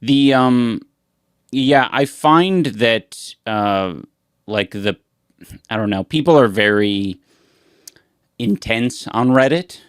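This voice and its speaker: A man co-hosting a podcast in casual chat, rambling and halting with many fillers. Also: medium pitch, lively intonation, clear, resonant tone, dry recording, studio quality. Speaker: podcast co-host.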